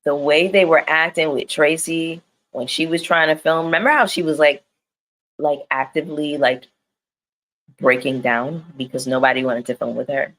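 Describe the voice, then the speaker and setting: A woman's voice: low voice, fairly even intonation, normal speed, a bit bright, rough recording. A woman reviewing reality TV on a live stream, talking straight to her viewers in a candid, slangy and profane way. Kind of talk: casual live-stream chat.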